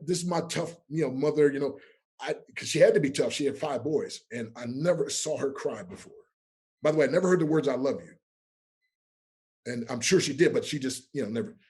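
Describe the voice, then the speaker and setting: A man, guest on a podcast, tells stories with lots of animation. He drops low, then rises to emphatic peaks, putting on the voices of the people he quotes. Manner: animated, swings between hushed and emphatic. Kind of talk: emotional storytelling in an interview.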